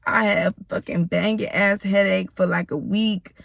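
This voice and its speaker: Creaky, bright-voiced woman telling a story. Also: mid-range voice, steady tone, normal speed, no echo. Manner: profane, blunt, talks straight to the viewers. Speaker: storytime vlogger. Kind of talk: casual storytelling to camera.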